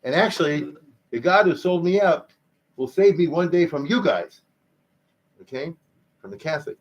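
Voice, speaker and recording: A male rabbi teaching Jewish history in a lively, conversational lecture, explaining Hebrew terms as he goes. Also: fairly high pitch, moderate pace, highs cut off.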